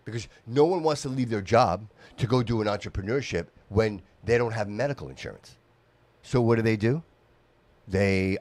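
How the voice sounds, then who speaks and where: A man's voice: mid-range voice, normal speed, darkish tone, no echo. A man hosting a casual podcast chat, emphatic and slangy in the way he talks. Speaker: podcast host.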